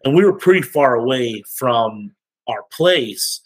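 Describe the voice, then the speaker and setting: A podcast guest telling stories in a casual, animated, slangy way, often laughing. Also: male voice, medium pitch, measured pace, poor audio. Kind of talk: casual storytelling.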